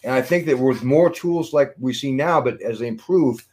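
A man's voice: mid-range voice, normal speed, darkish tone. A man in casual podcast chat, earnest and musing, with lots of fillers. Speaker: podcast panelist.

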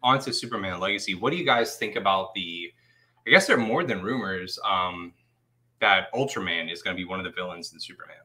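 A man's voice: low-pitched, animated, fairly quick, sharp tone. A man co-hosting a casual live-stream chat, telling stories animatedly and laughing often. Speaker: co-host.

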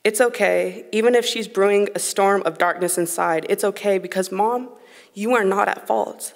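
Speaking at medium pitch and a moderate pace with vocal fry, a high school slam poet in her late teens gives an earnest, emotionally raw spoken word performance. The concert hall stage lends her a long reverb.

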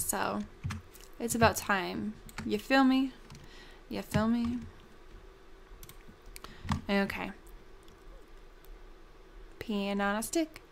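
Bubbly young woman with slow gravelly talk. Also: mid-range voice, slight background noise. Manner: bubbly, gushing, lots of ums. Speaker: let's play host. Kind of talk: casual gameplay commentary.

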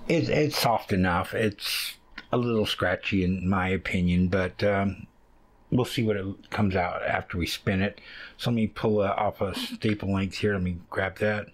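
A man's voice: low-pitched, steady tone, moderate pace. A man hosting a casual hands-on fiber arts tutorial, rambling along with plenty of ums and uhs as he reads and handles wool. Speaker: fiber arts channel host.

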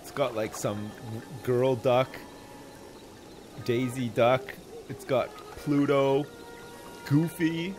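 A man's voice: medium pitch, fairly even intonation, very slow, music in the background. A man streaming a game live, joking, swearing and reading game text aloud in casual commentary.

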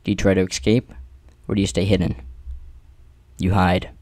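Man, low voice, mellow dark tone, dry close sound, dramatic second-person story reading, theatrical pauses. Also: flat delivery, dry recording. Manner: reads with theatrical pauses and rhetorical questions. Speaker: narrator reading an AI-written adventure.

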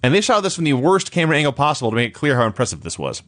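Dry, sarcastic man recapping, lively pitch. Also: very fast, no room sound. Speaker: podcast co-host. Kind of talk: casual chat, recapping a show.

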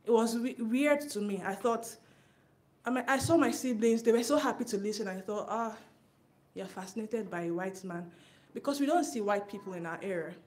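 A woman giving a personal testimony at a church service, telling her story earnestly with quick asides, her voice rising at the tense moments. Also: fairly high pitch, darkish tone.

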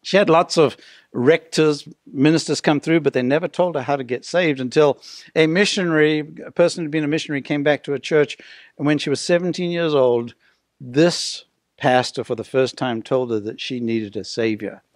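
An older man preaching a sermon as pastor, stretching out key words and dropping to a hush at the ends of phrases. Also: a little high, moderate pace, no echo, clean studio sound.

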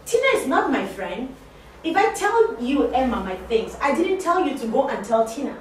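Teaching assistants in an interactive, conversational session, a woman speaks at a moderate pace in a high-pitched voice with big pitch swings, repeating herself and putting questions to the class. The room is very echoey, the mic is distant, and there's faint noise.

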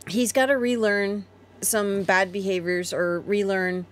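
A woman's voice: medium pitch, steady tone, unhurried. A woman co-hosting a casual live chat, reading viewer comments and chatting about the family's pets. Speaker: co-host of a family homestead livestream.

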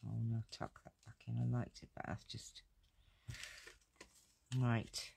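A woman chats away while she makes a craft project, joking about herself and laughing often. Her voice has a lot of gravelly fry. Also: extremely low pitch, little pitch movement, slow, warm tone, a little hiss or hum. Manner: chatty, self-deprecating, laughs often. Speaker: crafting video host. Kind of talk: casual live crafting chat with viewers.

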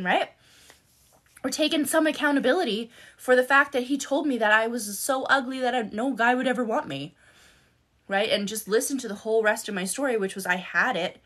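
A woman's voice: a little high, fairly quick, a bit bright. A woman life coach telling a personal story on a live stream, speaking bluntly and emphatically and swearing freely. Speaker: life coach and content creator. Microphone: phone.

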